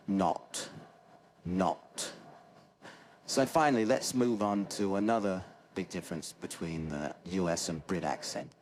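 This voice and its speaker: A British man with an accent close to Cockney, teaching pronunciation with slow spoken examples. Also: low-pitched, slight background noise. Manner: slow explanations with spoken demonstrations. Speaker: accent coach. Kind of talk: accent lesson.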